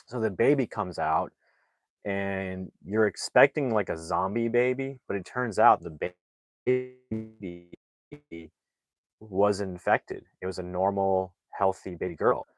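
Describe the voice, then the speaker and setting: A man's voice: deep voice, slow, no room sound, poor audio. A man recapping a movie plot in a casual, rambling way, full of "like" fillers and restarts. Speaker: movie reviewer.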